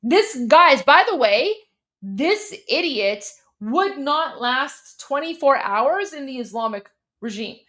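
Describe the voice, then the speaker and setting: A woman's voice: high voice, animated, takes it slowly, pushed and bright. A young adult woman from Iran, hosting a live stream and reacting to a hearing with heated, scornful commentary, often repeating herself for emphasis.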